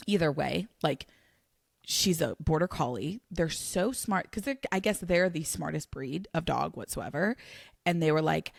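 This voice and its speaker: Gravelly, low-voiced woman telling a story. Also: a little slow, dry recording, clean studio sound. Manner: emotional, animated storytelling. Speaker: podcast co-host. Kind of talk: casual chat.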